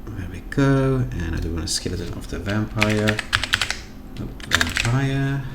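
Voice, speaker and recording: A man with a South African accent talking through a software tutorial, thinking aloud as he clicks through menus. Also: fairly low pitch, animated, a little slow. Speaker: tutorial host. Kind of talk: screen-recorded software tutorial. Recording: echoey room with noise and keyboard typing.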